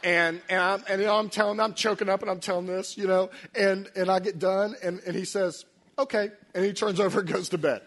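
A middle-aged man preaching a sermon, emotional and storytelling, dropping to quiet, near-whispered lines at tender moments. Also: high-pitched, steady tone, brisk, hardly any pauses. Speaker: pastor.

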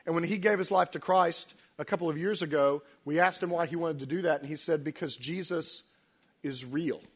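High-voiced pastor telling stories. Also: male voice, fairly even intonation, quick pace. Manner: emotional, storytelling, quiet dips into near-whisper. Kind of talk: sermon.

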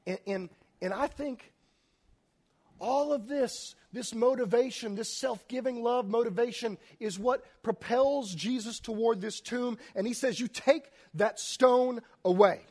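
A man preaching a sermon, reading scripture aloud and explaining it, swinging between hushed and loud delivery. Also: extremely high pitch, a little slow.

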